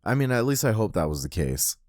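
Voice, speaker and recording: Animated, profane man on a podcast. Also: on the low side, fairly quick, no echo, studio quality. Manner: profane, animated retelling of a comic. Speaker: podcast co-host. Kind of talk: casual chat.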